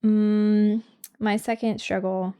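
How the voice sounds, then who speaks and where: A woman in her thirties, co-hosting a podcast in casual chat, a little hoarse from a cold, telling stories with lots of fillers and laughs. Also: medium pitch, level tone, slow, warm tone, dull audio. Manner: chatty storytelling, laughing often, many fillers. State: a little hoarse from a cold, voice deeper than usual. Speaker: podcast co-host.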